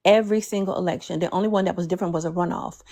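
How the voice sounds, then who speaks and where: A woman speaking to a group on a call, measured and persuasive, with some hesitations. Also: lowish voice, steady tone, mellow. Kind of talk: speech to a group.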